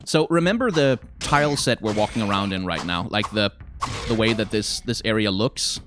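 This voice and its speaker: A man's voice: fairly low pitch, expressive, normal speed, noisy background. A man giving casual gameplay commentary as a let's play host, thinking aloud and swearing now and then. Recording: game music playing loudly underneath. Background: game music.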